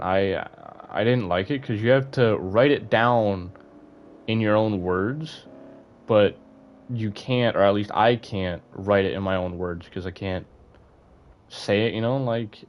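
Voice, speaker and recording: A man's voice: on the low side, takes it slowly, lo-fi sound, a little hiss or hum. A young man streaming, chatting casually to his viewers, rambling with lots of fillers and restarts. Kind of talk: casual live-stream chat.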